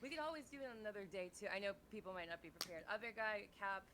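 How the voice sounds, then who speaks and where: A woman's voice: medium pitch, expressive, racing, a bit bright. A woman hosting a casual group voice chat, bubbly and giggly, rambling between ideas. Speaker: streamer host.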